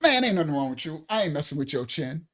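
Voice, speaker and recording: A man's voice: on the high side, big pitch swings, fast talker, a bit bright. A man quoting a blunt, firm doctor. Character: calm, firm male doctor refusing a patient.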